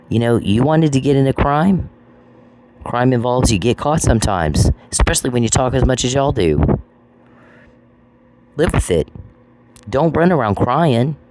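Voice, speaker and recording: A man's voice: medium pitch, darkish tone. A man hosting a podcast, ranting in a scornful, taunting way, repeating phrases and swearing. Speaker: podcast host. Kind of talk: angry podcast rant. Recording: noisy with clicks.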